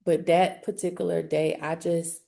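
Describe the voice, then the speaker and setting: A woman with a low, darkly mellow voice tells her own story in an interview. Her delivery is earnest and halting, full of restarts, and a gravelly fry runs through her speech. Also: level tone. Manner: earnest, halting, grows emotional. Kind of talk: personal testimony.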